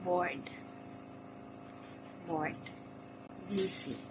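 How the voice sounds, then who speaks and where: A woman with a Filipino accent teaching sign language, saying each vocabulary word slowly and repeating it several times. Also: fairly low pitch, steady tone. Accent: Filipino (Cebuano). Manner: slow and deliberate, calling out single words. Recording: clear background noise of crickets and insects.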